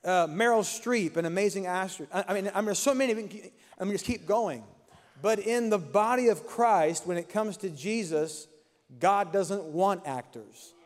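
A man's voice: high-pitched, moderate pace, in a large hall. A man preaching a sermon as pastor, with an impassioned, repetitive cadence in a church sanctuary.

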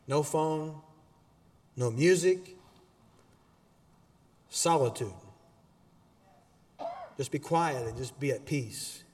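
A man preaching a sermon as pastor in a church auditorium, animated and exhorting, with casual asides to the congregation. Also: mid-range voice, big-room sound, slight background noise.

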